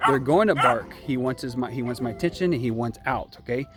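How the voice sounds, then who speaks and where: A man working as a dog trainer, explaining step by step in a relaxed, unscripted way and often stopping with a checking "okay?". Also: medium pitch, fairly quick. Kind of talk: casual filmed training demonstration. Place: outdoors by a puppy pen.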